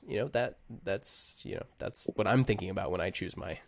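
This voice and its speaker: Chatty low-voiced man as podcast guest. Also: fairly quick, dry recording. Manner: upbeat, chatty, laughs at himself. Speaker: game designer guest. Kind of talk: casual podcast interview.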